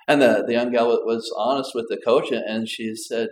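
A man's voice: medium pitch, brisk, few pauses, slight background noise. A male pastor preaching a sermon in a loose, conversational way, often repeating words and asking rhetorical tag questions. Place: church. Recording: echoey church room.

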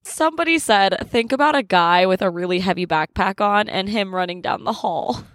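A woman's voice: mid-range voice, expressive, normal speed, fairly bright tone, no room sound, studio quality. A young woman hosting a podcast in a candid, casual chat, laughing often and swearing freely. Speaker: podcast host.

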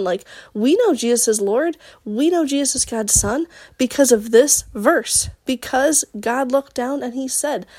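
Young woman, higher-pitched voice, earnest casual devotional chat, dry close sound. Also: warm tone, no room sound. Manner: earnest and enthusiastic, fillers like "like". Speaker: host of a devotional podcast.

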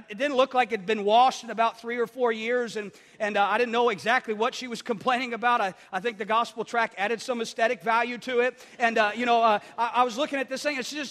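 A man's voice: extremely high pitch, in a large hall. A man preaching a sermon as pastor, telling stories with lots of restarts and repeated words. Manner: animated storytelling with many restarts.

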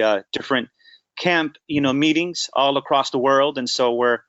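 A man's voice: medium pitch, fairly bright tone, dry recording, highs cut off. A man hosting a faith podcast interview, earnest and appreciative as he introduces and questions his guest. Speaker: podcast host.

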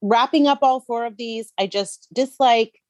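Woman co-host, casual podcast chat, animated high-ish voice, close dry mic. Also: a little slow, dry recording. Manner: blunt, opinionated, lively. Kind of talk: casual chat recapping a reality show.

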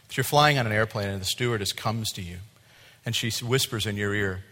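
A male pastor preaching a sermon, animated, acting out voices and dropping to a quiet tone at times. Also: on the low side, a little fast. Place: church sanctuary. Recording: long hall reverb.

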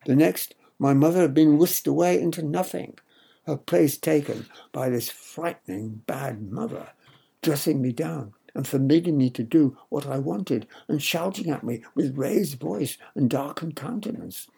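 Gravelly older male narrator. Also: a little high, warm tone. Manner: measured, wry storytelling. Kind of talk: audiobook memoir reading.

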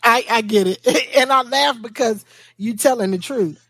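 A woman's voice: fairly high pitch, moderate pace, fairly bright tone, breathy edge, no echo, studio quality. A young adult woman hosting and narrating, speaking in an earnest, protective and emotional way with family. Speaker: host and storyteller.

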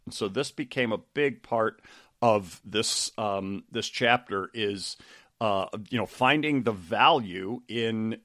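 A man's voice: fairly low pitch, slow pace, fairly bright tone, no room sound, clean studio sound. A middle-aged man, a coach and podcast host, talking casually about a book, rambling with lots of fillers and restarts.

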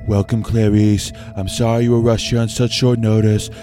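A man's voice: on the low side, little pitch movement, normal speed, over music, lightly acted. A man doing a boastful male president. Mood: earnest. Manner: clumsy impression, stumbling over words.

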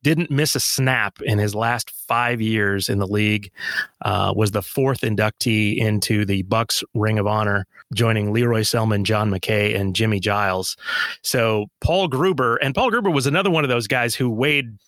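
A man co-hosting a casual sports podcast, talking in a conversational way with filler pauses and dry jokes. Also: fairly low pitch, fairly bright tone, dry recording. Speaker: podcast co-host.

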